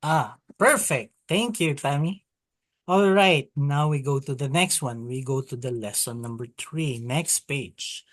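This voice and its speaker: A teacher running an online Hebrew alphabet lesson over a video call, speaking very slowly and patiently. The teacher repeats each vowel sound for the class and calls on students by turn. The sound is dry and close, with a mid-range pitch. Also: no echo.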